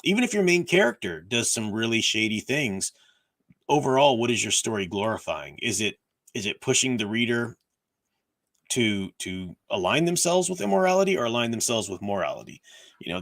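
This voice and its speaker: A man with a somewhat low voice hosts a casual livestream, explaining his views in an earnest, thinking-aloud way. His voice is tired and strained. He answers viewer questions at length. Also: a bit bright. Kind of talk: casual livestream commentary on faith and fiction.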